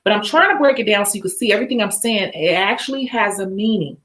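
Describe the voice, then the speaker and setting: A woman's voice: mid-range voice, quick pace, a bit bright. Chatty woman coaching nail techs. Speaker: nail tech educator. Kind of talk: instructional chat with role-play demo.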